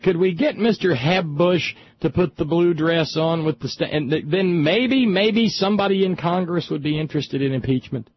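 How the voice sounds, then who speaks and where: A middle-aged man hosting a talk show, delivering an indignant, sarcastic political monologue with frequent halting repeats. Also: a little high, husky, dry recording, dull audio. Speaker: talk radio host.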